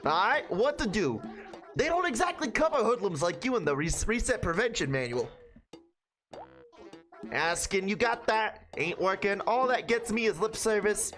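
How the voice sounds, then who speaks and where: A woman voicing a grumpy male mole who lectures the player in a gruff tough-guy drawl. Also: medium pitch, animated, normal speed, a bit bright, soft background music, natural voice. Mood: scolding. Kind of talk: reading game dialogue aloud in character.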